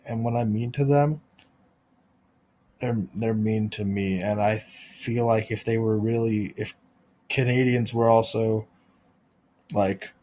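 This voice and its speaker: A man hosting a podcast, delivering a rambling deadpan comic monologue full of restarts and absurd tangents. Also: lowish voice, takes it slowly, pauses often. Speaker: podcast host.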